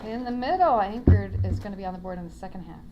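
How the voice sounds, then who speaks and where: A woman's voice: medium pitch, animated, muffled recording, heavy background noise. A woman keeping score at a quiz match, announcing team totals and chatting in an upbeat way. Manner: upbeat, quick to laugh. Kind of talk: announcing scores and casual chat. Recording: loud crowd all around.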